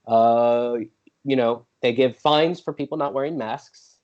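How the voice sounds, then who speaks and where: A man talking loosely on a talk show, circling back and restarting his thoughts as he goes. His voice sits in a middle pitch range. The audio is dull and lo-fi. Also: unhurried, a little mellow, clean tone. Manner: rambling, restarts often. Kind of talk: casual talk radio chat.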